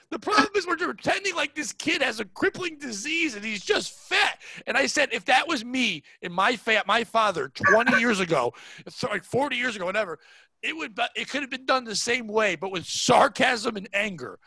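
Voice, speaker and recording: A man with a high, bright voice tells a rambling comic story in casual chat. His delivery is animated and full of "like." The recording is dry and close. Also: moderate pace, slightly rough, no echo. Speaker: comedian guest.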